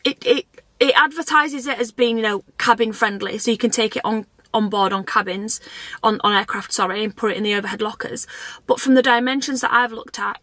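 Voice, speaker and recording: A woman's voice: a little high, fairly bright tone, no echo. A woman vlogging in a chatty, rambling way, often putting herself down. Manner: chatty, rambling, self-deprecating. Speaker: family vlogger. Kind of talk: casual vlog chat.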